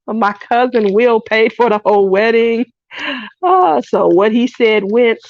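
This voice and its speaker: A middle-aged woman hosting a craft livestream, chatting casually and telling animated stories while laughing often. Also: medium pitch, no echo. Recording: dull dry lo-fi stream audio.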